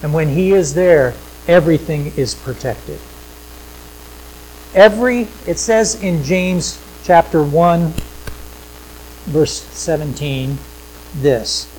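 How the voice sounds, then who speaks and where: A man's voice: on the high side, takes it slowly, pauses often, a little hiss or hum, rough recording. Man preaching in a conversational sermon. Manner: conversational preaching, swings between loud emphasis and quiet asides; repeats phrases for emphasis. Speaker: pastor. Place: church sanctuary with projection screens.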